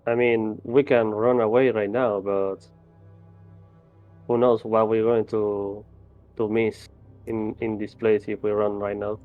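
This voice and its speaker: A man playing in a tabletop game, speaking in a flat, deliberate, casual way. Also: fairly low pitch, faint music behind. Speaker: player. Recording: tinny, phone-like, dry mic.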